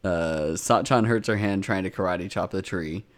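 A man's voice: low-pitched, moderate pace. A man co-hosting a casual podcast, recapping episodes with swearing and acted-out character lines. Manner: animated, swearing, acts out characters' lines in raised voices. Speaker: podcast co-host. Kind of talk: casual chat recapping an anime.

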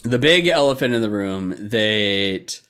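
A man's voice: fairly low pitch, lively intonation, unhurried, a bit bright, clear, resonant tone. A young man from Texas co-hosting a podcast in casual, rambling chat full of fillers and restarts. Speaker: podcast co-host.

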